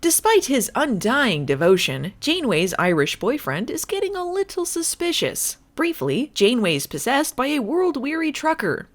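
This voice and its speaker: Sarcastic woman with a lively voice. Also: high voice, moderate pace, hardly any pauses, slight background noise. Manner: sarcastic, swearing, jokey. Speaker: recap commentator. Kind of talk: comedic episode recap with voice impressions.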